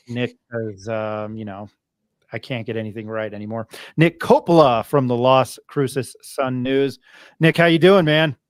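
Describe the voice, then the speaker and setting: This sports talk host has a smooth, mid-range voice captured in clean studio sound with no room echo. Keeping things casual, he jokes at his own expense and laughs between his lines.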